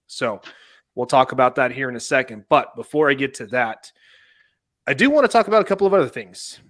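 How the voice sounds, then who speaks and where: Male podcast host, bright and slightly high, jokey and chatty, dry close mic. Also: no echo. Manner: upbeat, jokey, explaining legal steps. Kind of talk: casual podcast chat.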